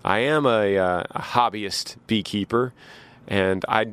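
A man's voice: on the low side, slow pace, fairly bright tone, smooth. A man from Texas, hosting a podcast and telling stories casually in a rambling, folksy way with frequent restarts. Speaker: podcast host. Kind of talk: casual storytelling.

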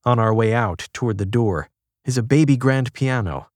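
A man's voice: mid-range voice, normal speed, no echo. Man narrating a magazine profile, dry sound. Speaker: article narrator.

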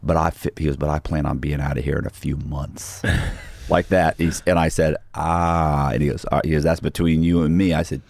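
A man's voice: rumbling low, flat delivery, a little fast, creaky, a little mellow, no echo. A middle-aged man, a podcast guest, telling a story casually with restarts and acted-out quotes of other people. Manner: rambling, restarts, acts out quoted dialogue.

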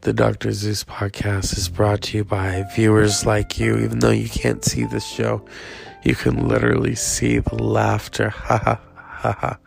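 A man's voice: on the low side, fairly even intonation, moderate pace, gravelly, faint music behind. A man hosting his own podcast, talking casually in a rambling, jokey, self-mocking way. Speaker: podcast host. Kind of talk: casual solo podcast monologue.

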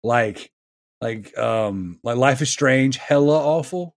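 A man's voice: medium pitch, slow, no echo, studio quality. A man in his thirties telling a long, exasperated story in a casual podcast chat. He rambles and restarts his sentences often. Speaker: podcast panelist.

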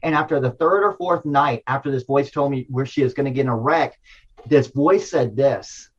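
A middle-aged man recounts a personal experience in loose, excitable bursts, backtracking and apologizing as he goes. His voice sits at an ordinary male pitch. The recording is a bit dull and lo-fi. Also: moderate pace. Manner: rambling and excitable, with many restarts and apologies. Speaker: storyteller sharing a personal spiritual experience. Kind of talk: casual personal storytelling.

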